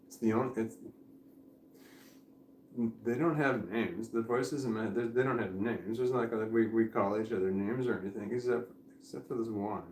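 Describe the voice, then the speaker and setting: A man's voice: on the low side, normal speed, darkish tone, echoey room, a little hiss or hum. A man rambling candidly on a live stream at home, drowsy and foggy, swearing often and laughing between thoughts. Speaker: vlogger. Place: indoors at home.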